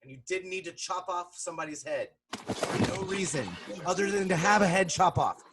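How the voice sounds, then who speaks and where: A man's voice: high voice, moderate pace, very noisy. Swearing, sarcastic male film critic. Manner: sarcastic, swearing, swings between mutters and outbursts. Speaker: commentator. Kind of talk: profane reaction commentary.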